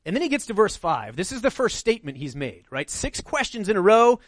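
A man's voice: high-pitched, big pitch swings, brisk, hardly any pauses, no room sound. A middle-aged male pastor preaching a sermon in a conversational way, often checking in with "right?".

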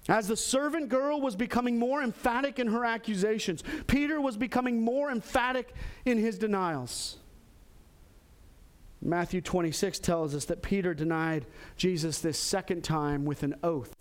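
A pastor preaching a sermon, animated, acting out quoted lines with sudden jumps in pitch. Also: male voice, moderate pace. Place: church in Texas.

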